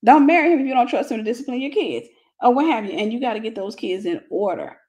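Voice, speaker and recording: A woman's voice: fairly high pitch, fast talker, darkish tone. Woman relationship teacher, casual and blunt with a comic streak. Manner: blunt, humorous, colloquial.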